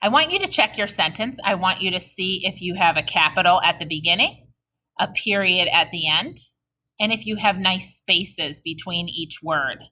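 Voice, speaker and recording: In a recorded reading lesson for young children, a woman teacher speaks patiently and encouragingly, slowing way down to model sentences aloud. Her voice is fairly low, expressive and sharp.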